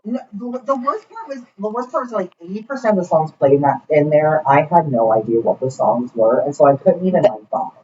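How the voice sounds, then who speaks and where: Mellow-voiced young woman, rambling and swearing. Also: low-pitched, lively intonation, brisk, few pauses. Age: young adult. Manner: rambling, swears freely, repeats words. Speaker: podcast co-host. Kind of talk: casual storytelling chat. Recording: distant mic, dull lo-fi sound, faint hiss.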